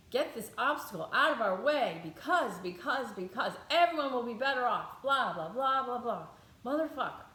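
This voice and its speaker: A woman leads a guided tapping meditation in a rather high voice, blunt and unfiltered. She swears freely and thinks aloud mid-sentence as she works through her own feelings. The room rings with a noticeable echo. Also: a bit bright. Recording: echoey room.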